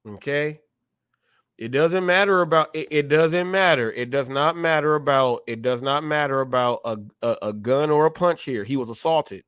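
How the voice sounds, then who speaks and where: Guy hosting a live show, kinda high voice, keeps repeating himself, acts stuff out, dry close mic. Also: normal speed, clear, resonant tone, dry recording. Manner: animated, repeats himself, acts out exchanges in a raised voice. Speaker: show host. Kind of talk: live-stream commentary.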